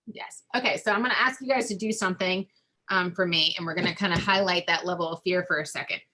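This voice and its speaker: A woman therapist talks a group through an exercise in a loose, conversational way, leaning often on "like" and "um." Her voice sits a little low for a woman. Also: fairly even intonation, fast, bright, forceful tone. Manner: talks through ideas with frequent "like" and "um" fillers. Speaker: family therapist. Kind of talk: explanatory webinar talk.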